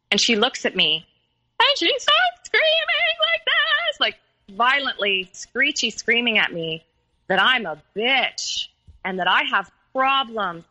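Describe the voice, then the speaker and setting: Woman guest, personal storytelling; earnest, halting, bright tone. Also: on the high side, rough recording. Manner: earnest and halting, many pauses and restarts. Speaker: podcast guest.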